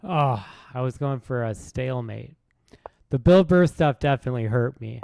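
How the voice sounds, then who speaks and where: A man's voice: medium pitch, lively intonation, moderate pace, gravelly, a little mellow, dry recording. A man streaming chess, rambling through a rude comic roast with lots of false starts. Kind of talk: casual streaming commentary while playing.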